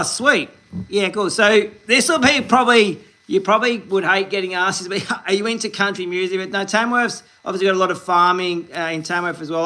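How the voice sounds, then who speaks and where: A man's voice: high-pitched, sharp tone. An Australian man in his forties, hosting a fishing livestream, chatting upbeat and rambling while reading viewers' comments and greeting them by name. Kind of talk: casual live-stream chat reading comments.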